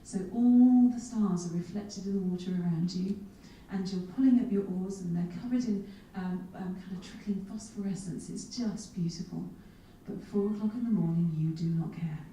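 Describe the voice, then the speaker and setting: At a normal speed and with few pauses, a mid-range-voiced woman gives a funny keynote, cheerfully poking fun at herself through comic asides. The setting is a large, echoey conference hall with the speaker distant from the mic, plus a faint hiss or hum.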